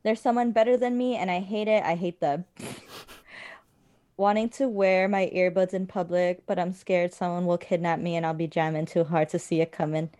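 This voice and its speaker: A woman's voice: on the low side, fairly even intonation, moderate pace, dark tone, no room sound, clean studio sound. A young woman chatting casually over quizzes, blunt and teasing, swearing freely. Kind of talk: casual chat doing online quizzes.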